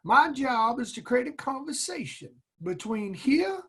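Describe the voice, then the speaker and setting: A man's voice: very high-pitched, sing-song, a little slow, pushed and bright, slightly rough, voice pushed up, full character voice. A man doing a Southern-drawled drill instructor. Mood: challenging. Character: gruff older male military training instructor.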